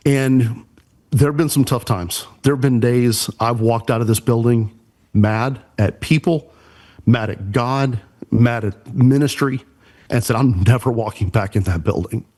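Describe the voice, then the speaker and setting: A man's voice: mid-range voice, fairly even intonation, unhurried, a little mellow. A man, a church production pastor and podcast guest, earnestly telling an emotional personal story.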